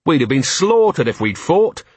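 A man voicing a gruff, weary police commander who speaks curtly. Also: a little high, big pitch swings, moderate pace, darkish tone, no room sound, voice pushed up. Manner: gruff, curt.

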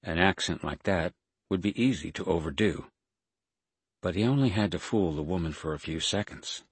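A man narrating a science fiction audiobook in a measured, steady storytelling manner. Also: low-pitched, husky, no echo. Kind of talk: scripted narration.

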